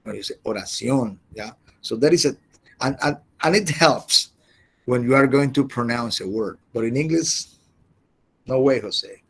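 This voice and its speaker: A man teaching an English class over a video call, halting and often repeating words as he explains. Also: mid-range voice, expressive, fairly bright tone, slightly rough. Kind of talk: online class lecture.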